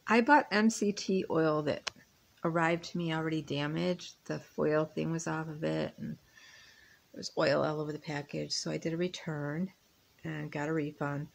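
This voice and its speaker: A woman in her fifties talks casually in her home kitchen, rambling as she stirs and tastes, a cooking and lifestyle vlogger. Her voice sits low with fairly even intonation, normal speed and vocal fry. There's a little hiss or hum in the recording.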